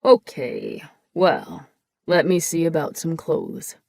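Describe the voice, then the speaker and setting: A gruff, smoky-voiced older biker, put on by a woman reading an audiobook, slow and laconic in the way he talks. His voice sits lower than her usual one and sounds dry and close. He is kindly under the rough edge. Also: wildly swooping pitch, darkish tone, no room sound, full character voice. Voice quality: gruff, smoker's voice. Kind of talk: audiobook character voice.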